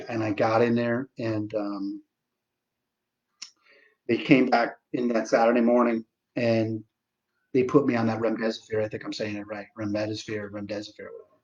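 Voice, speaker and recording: A man in his forties talks casually to a livestream audience, sarcastic and quick to swear, stumbling through fillers and restarts. His voice sits at an ordinary pitch for a man. The sound is dull and lo-fi. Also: a little mellow. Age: 40s. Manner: sarcastic, profane, halting with many fillers. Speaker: livestream host.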